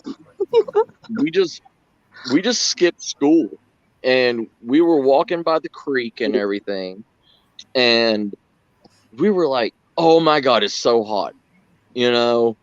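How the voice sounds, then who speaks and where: A man's voice: takes it slowly, pauses often, no echo, highs cut off. A man telling a story in a casual chat, acting out the voices in the story and swearing freely. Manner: animated, acts out quoted lines with big pitch jumps, swears.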